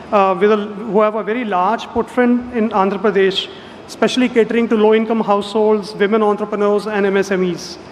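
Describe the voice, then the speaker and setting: A man giving a measured conference speech as a development finance official, pausing often with fillers. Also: high voice, slight background noise. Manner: measured, frequent uh fillers and restarts. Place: large conference hall. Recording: reverberant hall with faint background ambience.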